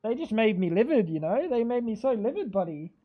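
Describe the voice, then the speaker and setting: A man's voice: high voice, very animated, brisk, narrow, tinny audio, soft background music. A man streaming live, chatting casually in a ranting, exasperated way full of swearing.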